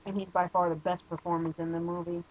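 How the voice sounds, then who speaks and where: A man's voice: sits high, little pitch movement, quick pace, lo-fi sound. A man giving a casual spoken movie review, hesitant and rambling, with many fillers and blunt opinions.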